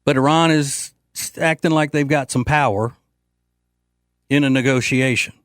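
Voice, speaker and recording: A political talk show host speaks at a moderate pace with a steady, mid-range, fairly bright voice and no room sound. Into a studio microphone, he gives a brash, joking monologue that rambles and leans heavily on fillers.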